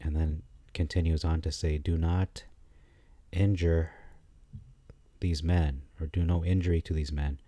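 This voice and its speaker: Man, low warm voice, casual study-style commentary, halting delivery. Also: flat delivery, no room sound. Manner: thinking aloud, halting with frequent fillers and restarts. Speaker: scripture commentator.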